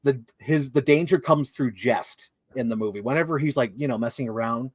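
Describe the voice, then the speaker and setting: A man's voice: medium pitch, fairly quick, breathy edge, dry recording. A young man co-hosting a casual movie discussion, talking enthusiastically in long run-on lists full of "like". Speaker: co-host.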